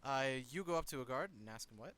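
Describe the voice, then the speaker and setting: A young man narrating as game master, halting and repeating himself as he goes. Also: mid-range voice, lively intonation, fairly bright tone, no echo.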